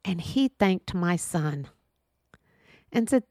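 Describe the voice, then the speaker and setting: A woman's voice: medium pitch, animated, takes it slowly, vocal fry, no room sound, studio quality. A middle-aged woman from Texas, telling a heartfelt story in a monologue and acting out the voices of the people in it. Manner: earnest, storytelling, acts out quoted voices. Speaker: podcast host.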